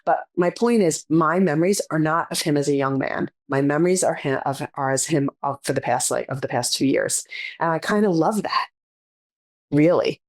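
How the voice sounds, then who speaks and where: A middle-aged woman with a notably low voice, talking casually as a podcast co-host. She rambles a little, circling back fondly and thoughtfully. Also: moderate pace. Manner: reflective, rambling, fond. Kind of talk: casual chat.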